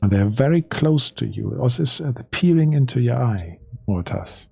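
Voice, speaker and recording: A man narrates a tabletop adventure as the game master, pausing and restarting as he builds the scene. His voice is husky and slightly breathy, at an ordinary pitch. The sound is close and dry, with no room behind it. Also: lively intonation, darkish tone, no echo. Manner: slow, hesitant storytelling with restarts.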